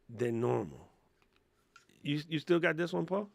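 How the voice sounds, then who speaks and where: A man hosting a casual live Q&A, talking in a slangy, excitable way and laughing often. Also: a little high, unhurried, creaky, long pauses, no room sound. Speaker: livestream host.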